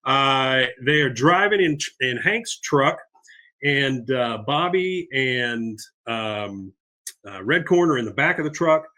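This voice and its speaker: A middle-aged man recapping a cartoon episode on his podcast, rambling along with plenty of fillers. His voice is bright and forward. He keeps it loose and casual. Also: medium pitch, animated, slow pace. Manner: rambling, with many fillers and laughs. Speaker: podcast host.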